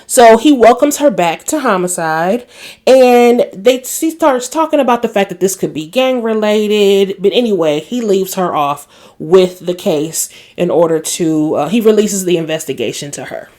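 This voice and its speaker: A woman's voice: medium pitch, animated, normal speed, darkish tone. A woman recapping a TV episode in a casual, chatty way, opinionated and exclaiming as she retells the scenes. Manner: voices quoted characters while retelling scenes. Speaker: recap vlogger.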